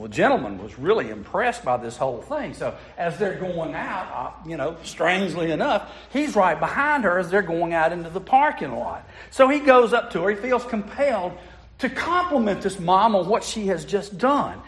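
A man's voice: sits high, sing-song, normal speed, fairly bright tone. A man preaching a sermon, telling stories in a folksy way and putting asides to the congregation. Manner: folksy storytelling with audience asides.

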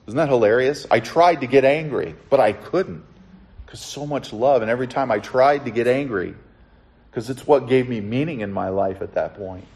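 Man, middle-aged, pastor, sermon, earnest storytelling, emphatic slow phrases, mid-pitched voice. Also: a little mellow. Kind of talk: sermon with personal testimony.

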